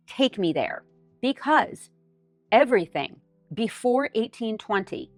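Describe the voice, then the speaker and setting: A woman's voice: mid-range voice, no echo. Middle-aged woman, American, chatty storyteller, faint music underneath. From United States. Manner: animated, acts out her own quoted lines with lots of "like". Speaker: vlogger. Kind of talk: casual storytelling.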